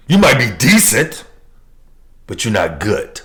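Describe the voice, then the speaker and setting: A male preacher delivering a sermon at a deliberate, unhurried pace. His pitch climbs and dips widely as he leans hard on repeated phrases, jumping from shouted lines to hushed, low ones. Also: sing-song. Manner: emphatic, swinging from shouts to low, quiet lines; repeats key phrases for emphasis.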